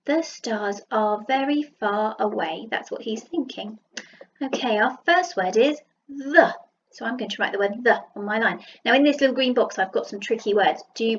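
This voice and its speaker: A woman with a Southern English accent teaching a phonics lesson to young children, sounding out letters slowly and praising them. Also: on the high side, lo-fi sound, slight background noise. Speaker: primary school teacher. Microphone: computer mic while writing with a mouse.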